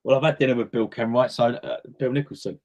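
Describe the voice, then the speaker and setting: A man's voice: mid-range voice, fairly even intonation, fast, a little mellow. Chatty man telling anecdotes. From North West London. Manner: chatty anecdotal storytelling, repeats words while thinking. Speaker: interview guest, singer and actor. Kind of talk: casual interview chat.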